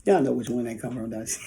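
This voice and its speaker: A woman's voice: a bass voice, vocal fry, warm tone, slight background noise. A woman talking casually to her viewers in an eating vlog, chatty and folksy, chewing while she talks. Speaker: food vlogger.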